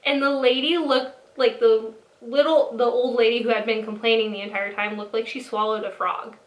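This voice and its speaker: A woman's voice: a little high, steady tone, moderate pace. A young woman in her twenties telling a casual storytime, rambling and mocking. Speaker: storytelling vlogger. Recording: echoey room.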